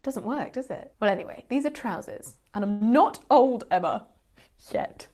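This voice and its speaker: A woman's voice: a little high, lively intonation, normal speed, warm tone. A British woman, an English teacher and channel host, explaining word differences playfully with frequent laughs and teasing asides. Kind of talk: explaining vocabulary to camera.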